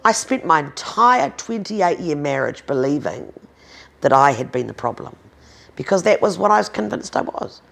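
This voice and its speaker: A woman's voice: deep voice, sing-song, normal speed, vocal fry. A woman in her fifties with a New Zealand accent, speaking bluntly and emphatically in an interview, swearing freely. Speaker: interviewee, domestic violence advocate. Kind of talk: candid conversational interview.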